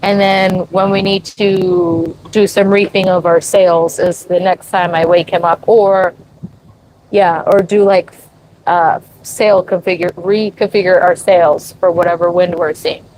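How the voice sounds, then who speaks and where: A woman's voice: on the low side, level tone, unhurried, darkish tone, slight background noise, low-quality recording. A woman from the USA chatting with her live-stream viewers from a sailboat, cooing over her dog. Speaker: vlogger answering live chat. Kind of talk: casual live-stream chat.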